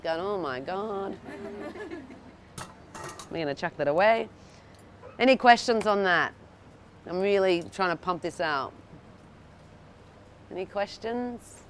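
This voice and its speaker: A woman's voice: a little high, fairly bright tone, a little hiss or hum. A woman teaching a cooking workshop to a live group, chatty and checking in with the audience, often restarting her sentences. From Australia. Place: indoor workshop room with an audience.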